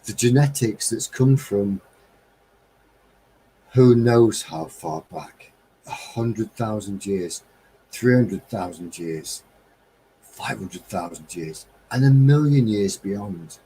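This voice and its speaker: A man's voice: lowish voice, lively intonation, takes it slowly, long pauses, warm tone, slight background noise, rough recording. A man hosting a casual live-stream chat from a home setup, talking in a rambling, chatty way and chuckling often. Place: home studio with green screen.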